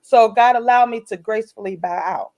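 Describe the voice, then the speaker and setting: A middle-aged woman, an author guest co-hosting a podcast, telling a personal story in an earnest, animated way and acting out other people's lines. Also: a little high, brisk. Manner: earnest, animated, retells scenes in voices.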